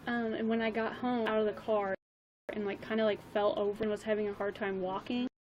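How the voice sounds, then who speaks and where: A woman's voice: mid-range voice, little pitch movement, a little fast, highs cut off, background noise. A young woman chatting casually on a livestream, rambling with lots of ums and likes, her voice a little worn. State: slightly losing her voice.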